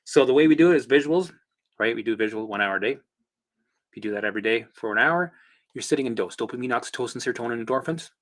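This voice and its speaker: A man hosting a casual livestream, coaching viewers through exercises in an animated, chatty way with the odd swear word. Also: mid-range voice, fast. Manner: guides listeners through exercises. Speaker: host and recovery coach.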